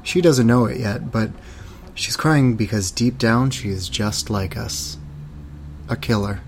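A man performing first-person narration and dialogue in an audio drama, in a slow, low-key manner. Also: slight background noise. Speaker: voice actor.

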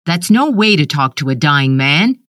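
A woman's voice: sits low, big pitch swings, normal speed, fairly bright tone, dry recording, studio quality. A woman reading a curt dying father. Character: man, ailing estranged father, curt.

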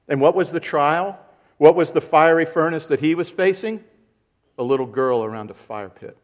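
A man's voice: fairly high pitch, normal speed. A man, a pastor, preaching an earnest sermon who repeats key points and rises in volume for emphasis.

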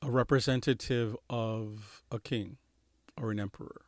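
A man, a priest, calmly explaining theology in a podcast discussion, plain and measured with brief affirmations. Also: fairly low pitch, no echo, clean studio sound.

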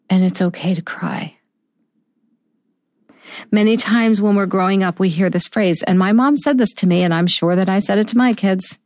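A middle-aged woman speaking softly and slowly about a personal loss in a heartfelt, reflective monologue. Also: medium pitch, no echo, studio quality. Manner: soft, slow and heartfelt, with tender pauses. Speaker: vlogger sharing a personal story.

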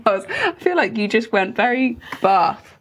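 A woman co-hosts a student podcast in a relaxed, friendly tone. Her voice is husky and breathy. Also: on the high side, measured pace. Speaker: podcast co-host, osteopathy student. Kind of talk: casual chat and podcast sign-off.

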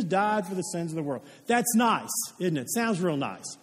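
High-voiced man preaching in a reverberant hall. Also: very animated, moderate pace, hardly any pauses. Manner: earnest storytelling, asks the congregation questions. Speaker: pastor. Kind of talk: sermon with storytelling.

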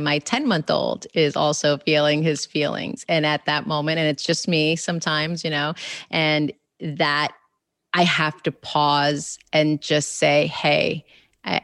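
A low-pitched woman with a gravelly edge to her voice, speaking in a relaxed, reflective interview tone. She circles back and restarts her thoughts often, full of "you know" and "like". The sound is close and dry, with no room around it. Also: measured pace, no echo. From New York. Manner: warm, reflective, many fillers and restarts. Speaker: guest author and educator. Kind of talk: casual interview conversation.

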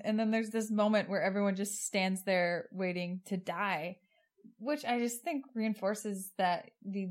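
A woman co-hosting a podcast, earnestly retelling an episode's plot in a casual chat. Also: mid-range voice. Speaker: podcast co-host.

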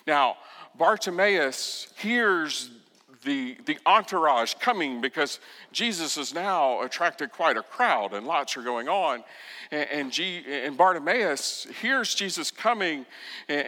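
A man preaching a sermon as pastor, telling the story with expression and acting out quoted lines, sometimes dropping to a soft, intense voice. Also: mid-range voice, lively intonation, slow pace, long reverb tail.

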